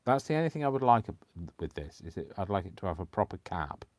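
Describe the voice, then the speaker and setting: A man with a deep, low voice chats casually through a live crafting session. He rambles and talks to himself as he works. He apologizes often and keeps the talk loose and unscripted. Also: very animated, fast talker, darkish tone, no echo. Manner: rambling, self-talking, apologetic. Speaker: craft channel host.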